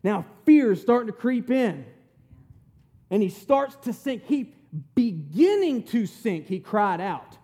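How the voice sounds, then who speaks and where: A man's voice: high-pitched, very animated, slow pace, mellow. A man preaching a conversational sermon, retelling scripture in plain, folksy, emphatic words.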